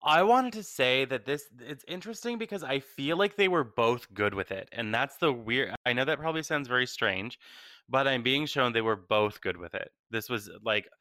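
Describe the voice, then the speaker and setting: A man co-hosting a call-in show as a psychic medium, speaking gently and reassuringly with many fillers. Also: mid-range voice, animated, moderate pace, no echo.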